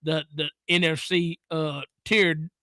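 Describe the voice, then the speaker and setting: A man with a high, bright voice, co-hosting sports radio with folksy, joking banter. The sound is dry and close to the mic. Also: flat delivery, slow, no echo. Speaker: sports talk radio co-host. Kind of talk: casual sports talk.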